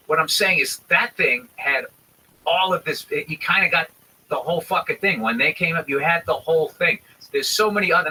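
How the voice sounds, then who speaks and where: A man's voice: a little high, sharp tone, slight background noise, rough recording. A male comedian ranting casually and profanely in a podcast chat, restarting his sentences often.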